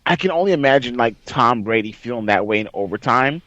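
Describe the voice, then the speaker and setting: Excitable man retelling a game story. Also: mid-range voice, a little fast, dry recording. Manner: excitable storyteller, reenacts with loud outbursts. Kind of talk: casual gaming story chat. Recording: dry, slightly dull sound.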